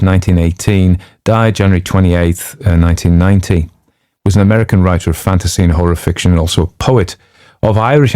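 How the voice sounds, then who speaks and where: A man's voice: sits low, mellow, dry recording, clean studio sound. A man chatting casually before reading a story, rambling off on digressions, with lots of fillers and jokey asides. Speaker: audiobook narrator introducing a story.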